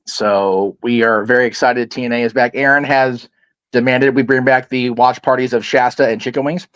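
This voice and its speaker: A man's voice: medium pitch, fairly even intonation, normal speed, a bit bright, no echo, highs cut off. A man hosting a casual wrestling talk show, rambling and self-deprecating as he wraps up. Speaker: podcast host. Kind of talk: casual chat.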